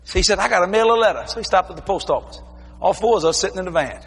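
Male preacher, bright forceful delivery, folksy storytelling with shouted bursts, long hall echo. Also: sits high, very fast, slightly rough. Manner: animated storytelling with shouted exclamations; folksy, informal grammar. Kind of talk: testimony sermon.

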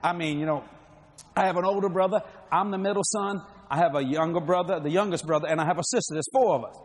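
A man's voice: high-pitched, quick pace. A man preaching a sermon, telling funny stories in a folksy way and laughing between lines. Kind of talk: humorous sermon storytelling.

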